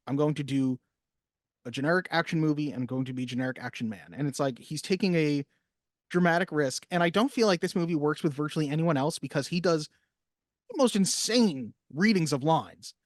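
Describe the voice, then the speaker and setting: A man co-hosting a casual film podcast, talking at length and acting out movie lines with lively emphasis. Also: a little high, brisk, no room sound, studio quality. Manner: animated, acts out movie lines. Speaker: podcast co-host.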